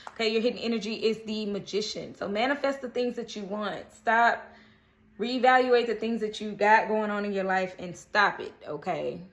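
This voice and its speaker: Speaking at a moderate pace in a medium pitch, this woman does a casual daily horoscope tarot reading. She's a chatty, earnest tarot reader who coaxes her viewers along, frequently checking in with "okay?".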